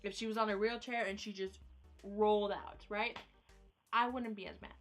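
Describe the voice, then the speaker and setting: A woman's voice: mid-range voice, steady tone, normal speed, faint music behind. A young woman ranting in a casual vlog, exasperated and repetitive, filler-heavy, recorded on a phone camera at home. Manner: exasperated ranting, repeats herself, many "like"s. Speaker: vlogger.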